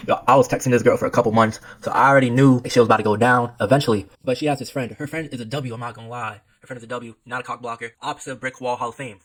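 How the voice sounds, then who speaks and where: A young man telling a wild party story in casual, slangy, excitable style. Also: medium pitch, racing, hardly any pauses.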